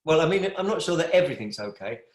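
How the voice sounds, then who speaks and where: A man's voice: fairly high pitch, big pitch swings, quick pace, reverberant. A middle-aged man leading a live online yoga class over a video call from his home, chatty, affectionate and rambling. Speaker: yoga teacher. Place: room at home with a wood stove.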